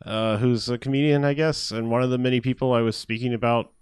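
A man's voice: medium pitch, quick pace, clear, resonant tone, no room sound, studio quality. A man hosting a casual movie review chat, rambling and laughing as he talks. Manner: rambling, animated, laughs often, restarts. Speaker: podcast host.

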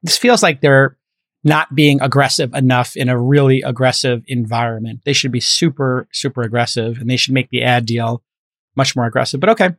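A man's voice: mid-range voice, a little fast, fairly bright tone, no room sound. A middle-aged man hosting a podcast, chatting casually and thinking aloud with plenty of fillers. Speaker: podcast host.

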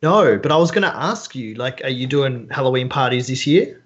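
A man co-hosting a podcast, joking around and asking questions. His voice sits at a middling pitch. The audio sounds a little dull and muffled. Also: lively intonation, moderate pace, slightly rough. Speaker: podcast co-host. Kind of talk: casual podcast chat.

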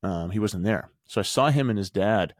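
A man in his thirties with a low voice hosts a motivational podcast. He tells a story and preaches its lessons earnestly, stacking rhetorical questions in a loose, conversational flow. The mic is close and dry. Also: lively intonation, moderate pace, dry recording. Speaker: podcast host and men's group coach.

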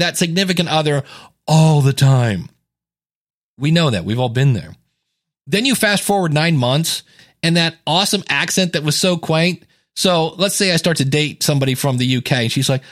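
A middle-aged man hosts a podcast in a chatty, animated way, spinning playful stories. His voice sits fairly high for a man. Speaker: podcast host. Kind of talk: casual podcast chat and monologue.

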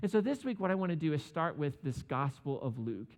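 A man delivers a relaxed, humorous sermon in a slightly high voice. He slips into playful voices for the people he quotes. A long reverb trails his words through the hall. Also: brisk. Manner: casual and joking, acts out quotes. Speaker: pastor. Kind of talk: conversational sermon.

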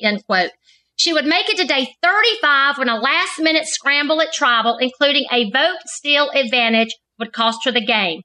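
Bright high-voiced woman reading an introduction. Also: rough recording. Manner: measured, emphatic reading of lists of traits. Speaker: co-host. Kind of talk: scripted narrated introduction.

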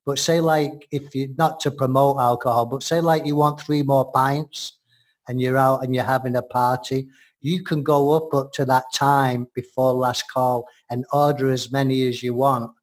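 A man's voice: mid-range voice, fairly even intonation, normal speed. An Englishman co-hosting a show, explaining things in casual chat, often laughing. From England.

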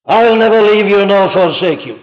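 A man preaching an impassioned sermon, pleading with rising questions and then growing hushed and tender. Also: sits high, lively intonation, normal speed. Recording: dull archival recording in a reverberant hall.

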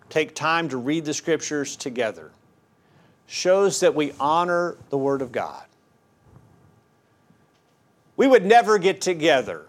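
A middle-aged man preaching a sermon in an earnest, emphatic way, often repeating his key phrases. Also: a little high.

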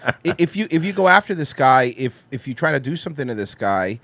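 A man's voice: medium pitch, sing-song, fairly quick, a bit bright, dry recording. A man hosting a podcast, commenting on videos with casual, profane sarcasm. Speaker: podcast host.

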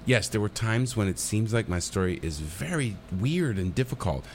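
A middle-aged man telling a personal story in a relaxed interview, with a pitch that swings widely as he acts out voices. A faint background noise sits under his voice. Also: normal speed. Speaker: guest, comic actor. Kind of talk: casual storytelling in a podcast interview.

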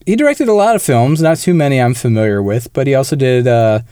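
Male podcast co-host, relaxed explainer, dry close sound. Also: mid-range voice, fast, smooth, no room sound. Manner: conversational, explanatory, occasional laughs. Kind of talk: casual film review chat.

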